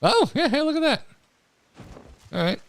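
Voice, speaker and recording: A man's voice: very high voice, big pitch swings, moderate pace, gravelly, a bit bright, dry recording. A man streaming a video game, joking and muttering casual commentary. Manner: joking, mumbling asides, laughs often. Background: faint game music.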